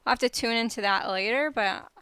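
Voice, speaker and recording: A woman's voice: on the high side, a little fast, sharp tone, clean tone, no echo. A woman from Canada giving color commentary on an esports tournament, friendly with light self-deprecating humor. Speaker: esports analyst.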